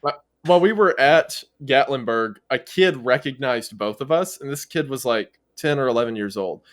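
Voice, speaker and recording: A man on a podcast as a guest, telling an anecdote in casual chat with animated delivery and frequent laughter. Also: medium pitch, normal speed.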